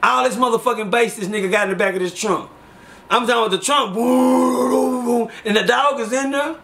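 A man tells street stories in a high, bright voice. He talks casually and acts out the people he quotes with loud, lively voices. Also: brisk, creaky. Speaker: storyteller. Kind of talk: casual storytelling.

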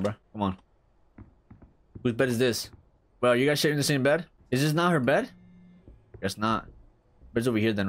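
A young man streaming a horror game, reacting with crude, excitable commentary and reading on-screen text aloud. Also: mid-range voice. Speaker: gaming streamer.

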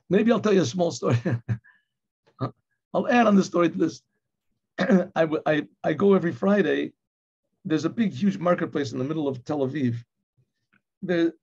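Husky high-voiced rabbi telling a story. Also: male voice. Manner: storytelling, acts out shouted quotes. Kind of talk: Torah class with personal story. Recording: dull lo-fi recording.

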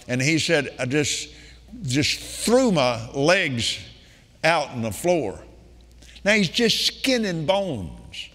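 A man's voice: fairly high pitch, big pitch swings, slow pace, a bit bright. An older man preaching a sermon, retelling a healing testimony in emphatic quoted speech. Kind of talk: sermon storytelling. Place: large meeting hall. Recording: long reverb of a large hall.

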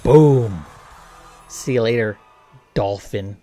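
A man's voice: fairly low pitch, slow pace, dark tone, faint music behind. A man casually commentating a video game, joking and talking playfully to the characters. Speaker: gameplay commentator.

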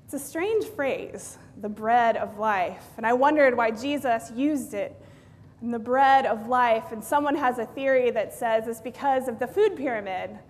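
A woman pastor giving a sermon in a plainspoken, lightly joking manner. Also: measured pace. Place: church sanctuary. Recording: reverberant church hall, faint rumble.

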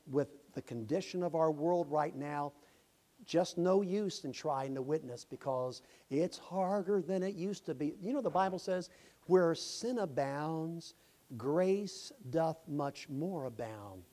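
A man preaching a fervent church sermon, his voice sitting a little higher than most men's. He swings from low, confiding remarks to impassioned peaks and shouted lines. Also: unhurried. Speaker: pastor. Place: church sanctuary.

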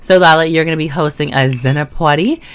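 Chatty low-voiced woman playing a life-sim game. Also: fast, clean tone. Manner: chatty and slangy, talks to the game characters, sudden excited or mock-scared outbursts. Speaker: gaming video creator. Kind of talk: casual let's-play commentary. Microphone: desk condenser mic.

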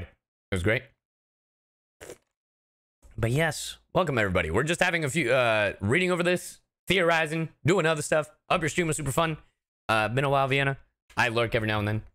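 A man chats casually with his stream audience from a home setup, reacting and joking as he goes. His pitch swings lively up and down, and his tone is bright and forceful. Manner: animated, chatty, talks to chat and laughs often. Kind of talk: casual livestream chat.

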